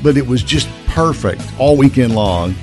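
A man's voice: medium pitch, lively intonation. Upbeat guy hosting morning radio, chatty, music bed playing under him. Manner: upbeat, chatty, quick laughs. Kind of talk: casual morning radio chat.

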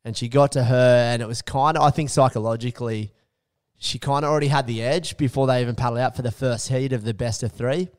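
A man's voice: mid-range voice, steady tone, fast talker, clear, resonant tone. An Australian man co-hosting a sports podcast, talking casually and rambling with lots of fillers. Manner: rambling, lots of fillers, drops quieter when musing. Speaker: co-host.

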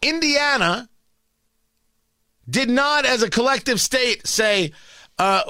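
A man's voice: high voice, moderate pace, sharp tone, clean tone, no echo, clean studio sound. A man from New York with a New York accent, a morning talk radio host giving a sarcastic, combative monologue and often repeating words as he rambles.

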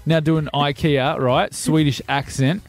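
A man's voice: a little high, fairly even intonation, a little slow, faint music behind. Chatty man radio co-host. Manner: chatty storyteller, laughs often. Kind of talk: casual breakfast radio banter.

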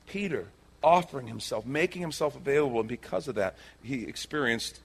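A male pastor preaching a sermon, telling the story with animated energy and acting out the characters' lines. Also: medium pitch, brisk, creaky, breathy edge. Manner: animated storytelling, acts out quotes.

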